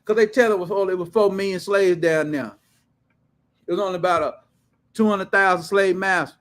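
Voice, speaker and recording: A man hosting his own show, ranting casually in a loud, blunt, profane way with heavy slang. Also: sits high, steady tone, a little fast. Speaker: show host.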